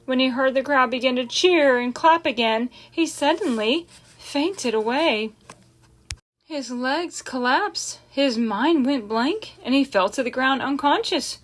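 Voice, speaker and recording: A woman narrating a children's chapter book aloud in a gentle, expressive way, lingering on key words. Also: sits high, unhurried. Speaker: audiobook reader. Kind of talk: storybook read-aloud narration.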